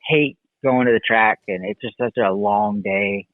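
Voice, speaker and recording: A man in his thirties, a motocross racer and coach, telling his racing story in a relaxed, rambling way. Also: on the low side, a little slow, no echo. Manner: relaxed, rambling recollection with fillers. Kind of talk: casual interview storytelling. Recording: dry, tinny phone-like line.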